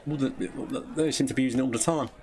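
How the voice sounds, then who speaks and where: A man's voice: medium pitch, fast, a little mellow. A man with a South London accent hosting a casual chat, friendly and calling his guest mate. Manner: friendly, says mate often. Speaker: podcast host.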